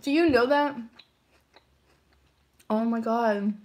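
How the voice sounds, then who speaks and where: A young woman chats on a tarot livestream, answering comments as they come in. Her voice sits a touch high and her pace is leisurely. She giggles a lot and bursts into excitement when viewers chime in. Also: a little slow. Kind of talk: casual livestream chat reading comments.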